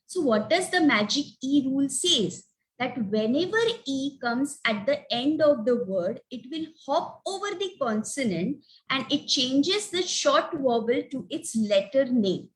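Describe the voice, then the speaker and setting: A woman gives an online phonics lesson in a fairly high voice. She talks at an unhurried, deliberate pace and sounds out letters and example words one by one. The sound is that of a video call. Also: expressive, a bit bright, low-quality recording. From India. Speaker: phonics teacher. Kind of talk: webinar lesson.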